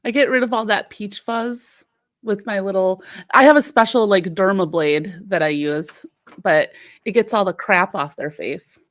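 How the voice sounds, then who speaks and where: A woman's voice: medium pitch, moderate pace. A woman co-hosting a morning show, chatting casually and teasing with a giggly manner. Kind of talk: casual chat.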